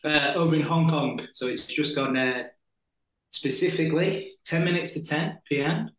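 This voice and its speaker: A man from Sheffield with a slight Yorkshire accent, chatting in a relaxed way as a football coach guest on a podcast, with frequent pauses. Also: on the high side, echoey room, low-quality recording. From Sheffield, England. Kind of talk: casual conversational interview. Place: at home in Hong Kong, evening. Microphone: remote podcast call.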